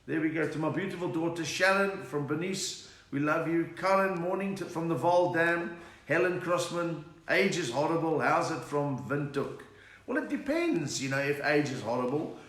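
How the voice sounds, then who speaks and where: Brief: male comedian, mid-life, chatty and jokey, reads out viewer greetings; voice a touch high, recorded in a roomy space. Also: fairly bright tone. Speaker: comedian hosting a live stream. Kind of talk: casual live-stream chat. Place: room at home. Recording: roomy echo with faint noise.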